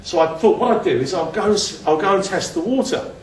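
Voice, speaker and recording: A man's voice: high voice, fast, a little hiss or hum. A man giving a casual slide talk, chatty and self-deprecating, often restarting his sentences. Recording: echoey room, mic at a distance.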